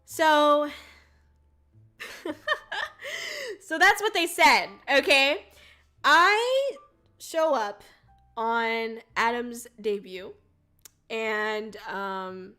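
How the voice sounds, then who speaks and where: A woman's voice: a little high, very slow, long pauses, sharp tone, smooth, soft background music. A young woman streamer telling a rambling story in casual chat, full of "like" and "um", swearing and laughing often. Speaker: VTuber streamer.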